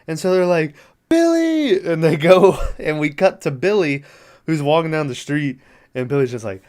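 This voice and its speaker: A man's voice: fairly high pitch, moderate pace, smooth. A man hosting a podcast who recaps a movie in a rambling, profane way, laughing often and filling gaps with "like" and "um.". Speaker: podcast host.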